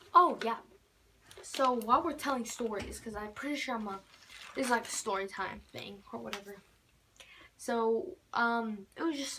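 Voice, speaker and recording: A woman's voice: mid-range voice, pushed and bright. Rambling teenage girl telling a story. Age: teens. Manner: rambling, many fillers, keeps repeating "normal". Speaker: vlogger. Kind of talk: casual storytime.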